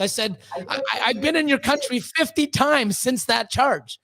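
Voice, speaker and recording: A man in his fifties, a guest on a live stream, casually telling a long story, profane and rambling, getting animated when he quotes people. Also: extremely high pitch, moderate pace. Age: 50s.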